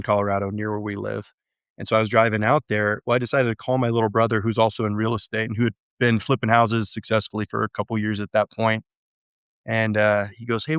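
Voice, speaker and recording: A man telling his story as an interview guest, halting and restarting often, with lively acted-out quotes. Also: on the low side, smooth, no room sound, clean studio sound. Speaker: real estate investor guest.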